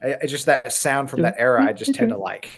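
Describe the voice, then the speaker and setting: A man talks as a guest on a casual podcast. His voice sits at a middle pitch, and he comes across as easygoing with a dry sense of humor. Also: fast, slightly rough. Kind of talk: casual chat.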